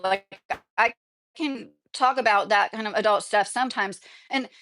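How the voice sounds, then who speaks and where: A woman's voice: medium pitch, normal speed, fairly bright tone. A woman in her late thirties, a YouTuber ranting casually to camera, indignant and rambling with restarts and frequent fillers. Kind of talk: casual political rant to camera, reading comments.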